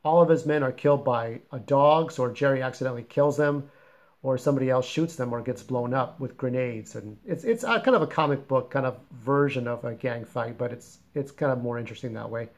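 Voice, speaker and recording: A man's voice: medium pitch, a little fast, darkish tone. A man who writes fiction, casually summarizing the plot of his own story in a rambling, informal, plain-spoken way.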